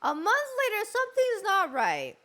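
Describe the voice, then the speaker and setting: Super high bright girl voice, young woman streamer, laughing while telling a gross story. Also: wildly swooping pitch, normal speed. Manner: loud, laughing, crude storyteller. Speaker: streamer host. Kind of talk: casual stream chat.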